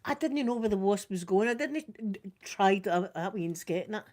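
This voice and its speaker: A woman's voice: mid-range voice, normal speed. An older woman with a Scottish accent, chatting casually on a live makeup vlog and acting out her stories. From Scotland. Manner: animated storyteller, acts out screams and quotes. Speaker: makeup vlogger. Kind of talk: casual storytelling during a live makeup stream.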